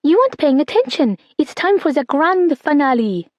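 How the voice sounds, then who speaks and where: A woman's voice: high voice, very animated, normal speed, no room sound, lo-fi sound, voice pushed up. A woman voicing a little girl in an audiobook, chirpy and easily frightened. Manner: chirpy, whimpering. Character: little girl, sister, playful then frightened.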